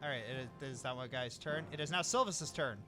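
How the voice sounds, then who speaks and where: A man's voice: fairly high pitch, fast talker, pushed and bright, faint music behind. A man narrating as game master of a tabletop game, playful and chuckling, on a desk mic.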